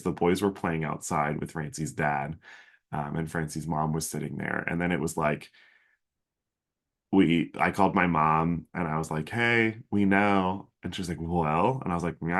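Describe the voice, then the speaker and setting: A man in his thirties hosting a podcast, telling a personal story in an earnest, emotional way with many fillers and restarts. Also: extremely low pitch. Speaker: podcast host.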